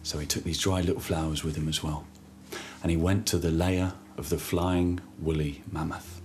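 Low-voiced man improvising a playful children's story. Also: a little hiss or hum. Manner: rambling, hesitant, playful.

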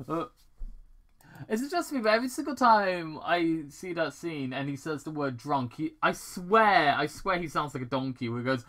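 A man's voice: a little high, big pitch swings, moderate pace, a bit bright. A man casually reading a fan story aloud and adding his own comments, often stumbling and restarting over words. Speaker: reader of fan fiction.

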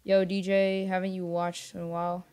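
A man's voice: high voice, completely flat delivery, moderate pace, clear, resonant tone. A young man livestreaming a game, chatting with viewers in a rambling, distracted way and often apologizing, sometimes keeping his voice down. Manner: talks quietly at times to keep noise down. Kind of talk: casual gaming livestream chat.

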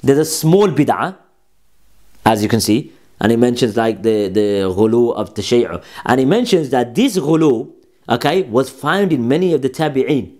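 A man's voice: mid-range voice, lively intonation, moderate pace, a little mellow. A man presenting a polemical commentary on quoted texts, scolding his opponents directly and repeating key phrases for emphasis.

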